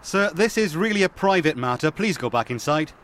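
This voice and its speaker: An actor playing a police officer at a doorway, formal and insistent. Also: male voice, a little high, lively intonation, fairly quick, a bit bright. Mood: stern. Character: firm male police officer. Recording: outdoor street noise.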